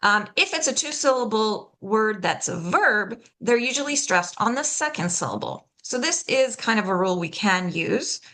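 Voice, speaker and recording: A woman leading a pronunciation workshop, patiently explaining and slowly demonstrating sounds, checking in often with "okay?". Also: mid-range voice, expressive, pushed and bright. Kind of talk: live online workshop teaching.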